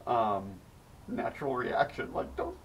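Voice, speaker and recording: A man's voice: mid-range voice, unhurried, low-quality recording. A man guesting on a casual podcast, chiming in with profane, incredulous reactions. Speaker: guest co-host.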